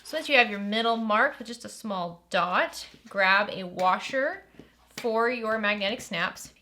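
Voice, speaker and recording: A woman's voice: medium pitch, measured pace, bright, forceful tone. A woman hosting a step-by-step sewing tutorial, upbeat and chatty as she walks through each stage and enthuses over the bag.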